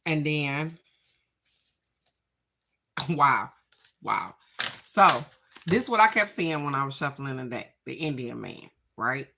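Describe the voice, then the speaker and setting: A woman's voice: extremely low pitch, lively intonation, slow pace, vocal fry, pauses often, sharp tone. A woman chatting to her viewers as she draws her daily spiritual cards. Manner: chatty, spiritual, talks to viewers as "y'all" and "baby". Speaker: card reader. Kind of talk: casual daily card reading vlog.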